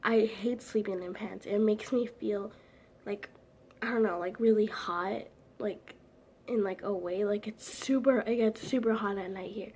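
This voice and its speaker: A woman's voice: medium pitch, steady tone, measured pace, a little mellow, husky. A teenage girl chatting casually to camera at home, rambling with lots of "like" fillers and giggles. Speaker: vlogger.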